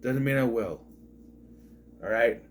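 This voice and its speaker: A man's voice: mid-range voice, takes it slowly, slight background noise. A man, a father, reviewing a movie in a rambling, sarcastic, casual monologue, often repeating himself.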